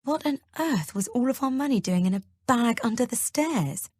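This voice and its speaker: A woman's voice: fairly high pitch, lively intonation, moderate pace, a little mellow, husky, dry recording, voice pushed up. Bewildered young mother, tense and incredulous, as the narrator voices her; dry studio read. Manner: tense, raised, incredulous questioning. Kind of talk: audiobook character reading.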